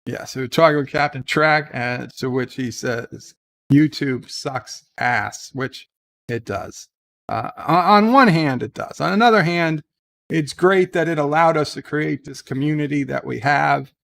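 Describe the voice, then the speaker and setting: Gravelly man hosting a live chat stream. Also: on the high side, moderate pace, a bit bright. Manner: chatty, rambling, reads viewer comments aloud.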